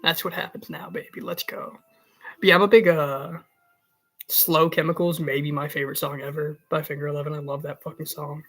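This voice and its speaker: Woman streamer, low husky voice, slow and rambling, soft music behind. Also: steady tone. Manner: rambling, swears, baby-talks to her cat. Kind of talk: casual stream chat.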